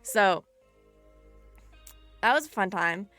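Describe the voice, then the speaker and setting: A young woman streaming live, telling a story in an animated, chatty way with lots of "like". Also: medium pitch, slow pace, no room sound, soft background music.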